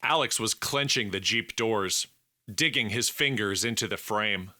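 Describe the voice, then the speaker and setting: Man reading a novel slowly, bright and dry. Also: on the low side, no room sound. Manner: measured, deliberate reading. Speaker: audiobook narrator. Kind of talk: scripted narration.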